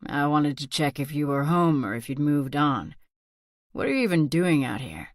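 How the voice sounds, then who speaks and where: A woman voicing a blunt, wary rural male hunter in a whispered role-play storybook reading, quiet and firm. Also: sits low, sing-song, moderate pace, no room sound, studio quality.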